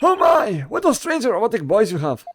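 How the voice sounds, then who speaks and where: A man's voice: high voice, huge pitch swings, moderate pace, loud music behind the voice, voice pushed up. A man doing a fussy old judge. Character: fussy old male judge, easily flustered.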